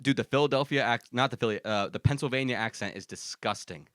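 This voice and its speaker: A man's voice: medium pitch, fast, a bit bright, dry recording, studio quality. A man co-hosting a casual comedy podcast, rambling and correcting himself, calling everyone dude. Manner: rambling, self-correcting, says dude a lot. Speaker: podcast co-host.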